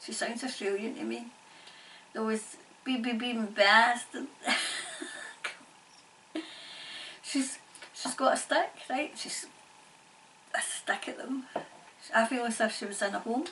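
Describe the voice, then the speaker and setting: Scottish woman, halting and repetitive, faint background noise. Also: a little high, a bit bright, recorded from a distance, low-quality recording. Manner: halting, repeats phrases, laughs often. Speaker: psychic medium. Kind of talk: channelling session, casual monologue.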